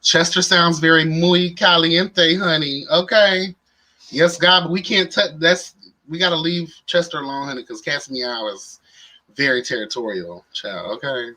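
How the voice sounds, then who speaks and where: A man's voice: a little high, fairly even intonation, measured pace, bright, forceful tone. A man hosting a casual livestream and chatting with viewers in a sassy, playful way. He sounds tired. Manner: sassy and playful, calls viewers "child" and "honey". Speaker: livestream host.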